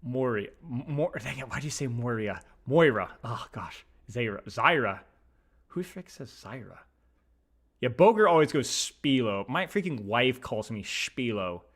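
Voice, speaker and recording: A young male streamer with a bright, forward voice chats casually as he sounds out words. His pitch jumps around a lot, and he keeps breaking into mock-outraged shouts. It is loose, animated talk rather than a script. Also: moderate pace, hardly any pauses. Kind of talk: casual pronunciation chat.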